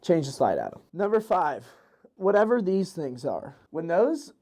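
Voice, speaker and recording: A man's voice: high-pitched, dark tone. Rambling, crude young man host. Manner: rambling, crude, restarts and fillers. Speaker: podcast host. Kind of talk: casual comedic monologue. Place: New York City.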